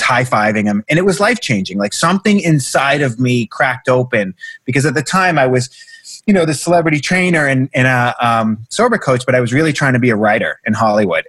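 Animated storyteller man from Boston. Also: medium pitch, dry recording. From Boston area, USA. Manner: animated storyteller, swears freely. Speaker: guest, breathwork coach. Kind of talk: casual storytelling interview.

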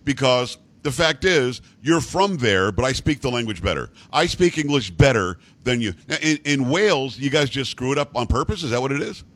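A man's voice: medium pitch, lively intonation, moderate pace, hardly any pauses, a bit bright. A man hosting a talk radio show, bantering with a teasing, mock-indignant manner.

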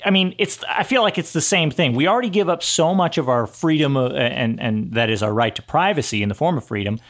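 A man's voice: a little high, expressive, a little fast, a bit bright. A man co-hosting a talk podcast, thinking aloud with many hesitations and fillers. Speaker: podcast co-host. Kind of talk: casual banter.

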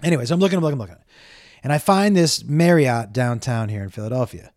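A man's voice: medium pitch, fast talker, no echo, clean studio sound. A man hosting a live stream, telling a rambling, profane story to his viewers in a casual way. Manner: animated, profane, rambling with many restarts.

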